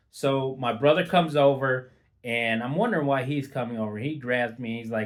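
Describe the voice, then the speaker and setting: A man's voice: medium pitch, normal speed. A middle-aged man telling an unscripted personal story in a casual, rambling way, with fillers and restarts. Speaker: vlogger.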